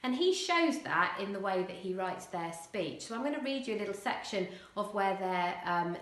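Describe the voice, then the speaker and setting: A woman primary school teacher explaining a writing lesson clearly, with occasional fillers. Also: mid-range voice, echoey room.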